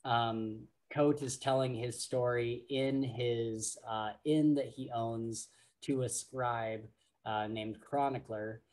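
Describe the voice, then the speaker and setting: A man co-hosting a podcast, chatting casually about books in a halting way full of fillers and restarts. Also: medium pitch, fairly even intonation, darkish tone. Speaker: podcast co-host. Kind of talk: casual book discussion.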